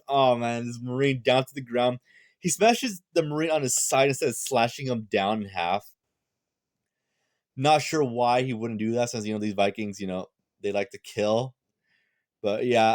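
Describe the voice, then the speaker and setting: A tired young man reviewing a manga chapter in a casual, rambling chat, full of fillers and quick restarts. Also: medium pitch, dry recording, studio quality.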